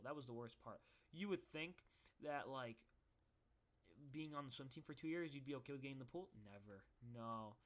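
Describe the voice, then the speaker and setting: A man's voice: mid-range voice, a bit bright. A young man telling stories in a casual, rambling monologue, joking at his own expense. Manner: rambling, self-deprecating joking. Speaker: vlogger.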